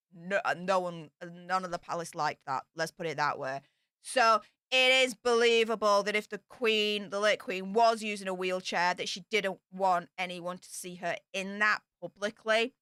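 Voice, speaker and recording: A woman's voice: mid-range voice, bright, forceful tone, clear, resonant tone, no echo, studio quality. A woman casually commenting on royal news, reading out points and adding chatty, emphatic asides.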